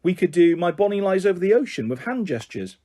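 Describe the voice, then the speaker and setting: A man's voice: sits high, sing-song, fast talker, mellow, voice pushed up. A man reading aloud, voicing a pushy, relentless young girl who bosses her twin sister. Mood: bossy. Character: bossy determined girl twin Ruby.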